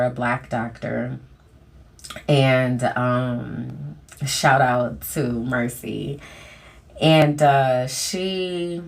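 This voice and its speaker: A woman's voice: a bass voice, fairly bright tone. A woman podcast host telling a personal story in a candid, conversational way, full of "um" and "like", recorded in a small closet. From United States. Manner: candid, conversational, uses many fillers like "um" and "like".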